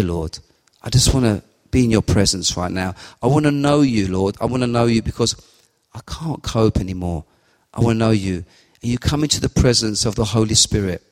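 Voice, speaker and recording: Middle-aged male preacher, earnest and rambling, mid-pitched voice, long hall echo. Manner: earnest, rambling, acts out prayers aloud. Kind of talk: informal sermon.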